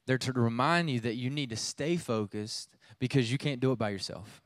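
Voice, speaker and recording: A man's voice: mid-range voice, normal speed, no room sound. A youth pastor in his thirties preaching a sermon, telling a family story in a conversational way with many restarts.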